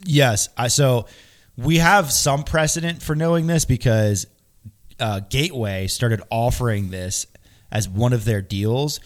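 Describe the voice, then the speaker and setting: A man's voice: mid-range voice, a little slow. A man co-hosting a podcast in casual chat while under the weather and coughing. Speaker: podcast co-host.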